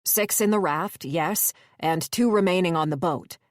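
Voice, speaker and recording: A woman's voice: lowish voice, unhurried, dry recording, clean studio sound, lightly acted. A woman voicing a frightened survivor on watch who speaks in short, urgent bursts. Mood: tense. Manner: terse, urgent.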